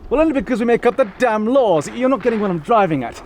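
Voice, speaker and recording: A pompous, blustering upper-class British army officer, played by a man, with a clipped, posh English accent. His voice sits very high and swings about with lively pitch. Faint outdoor noise hums behind him. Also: fast talker. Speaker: comedy sketch actor. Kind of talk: comedy sketch acting.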